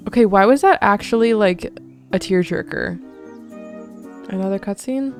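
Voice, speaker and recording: Young woman playing a game, gravelly voice. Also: medium pitch, fairly even intonation, normal speed, music in the background. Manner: casual, dramatic reactions. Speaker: gaming channel host. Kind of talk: let's play commentary.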